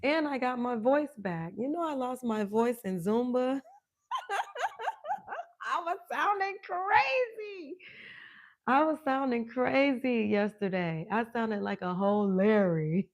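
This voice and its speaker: An older woman and fitness coach chatting casually with viewers on a live stream, animated, laughing often and greeting people by name. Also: fairly high pitch, unhurried. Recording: dull lo-fi stream audio.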